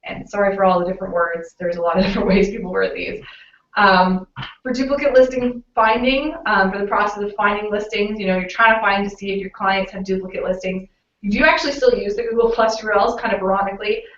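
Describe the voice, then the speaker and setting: A woman's voice: mid-range voice, fairly even intonation, fast talker, a bit bright. A woman with a Canadian accent presenting a webinar, explaining things casually with frequent fillers. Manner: casual, explanatory, many "um"s and "you know"s. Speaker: local SEO consultant presenting a webinar. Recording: roomy, distant, muffled webinar audio.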